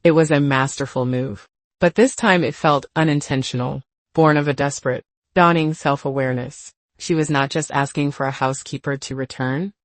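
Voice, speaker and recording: An older woman narrating a first-person story in a measured, reflective way. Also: sits low, no echo.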